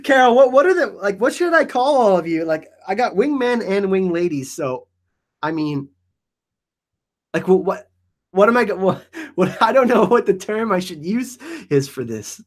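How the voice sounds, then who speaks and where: A hyped-up man answers a live chat in a casual stream Q&A. His voice sits fairly high and he rambles, often restarting his sentences. The energy stays up throughout. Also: very animated, moderate pace. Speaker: YouTube channel host.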